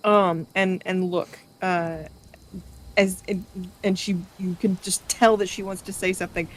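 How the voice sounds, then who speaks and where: A woman playing a tabletop game, describing her character slowly and hesitantly. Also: on the low side, little pitch movement, poor audio. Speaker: player. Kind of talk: tabletop role-play.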